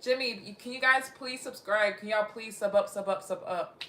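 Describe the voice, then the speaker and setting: A woman's voice: mid-range voice, moderate pace, a bit bright, reverberant. A young woman from Texas casually chatting on a livestream, reading viewer comments aloud and often giggling. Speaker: livestream host.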